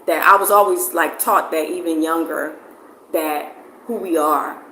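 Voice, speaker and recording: Bright, rambling middle-aged New Jersey woman. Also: deep voice, steady tone, unhurried. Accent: New Jersey mixed with Southern US. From New Jersey, USA. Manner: loose and rambling, with many "like" fillers and repeats. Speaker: interviewee. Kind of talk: casual conversation. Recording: roomy echo with faint background noise.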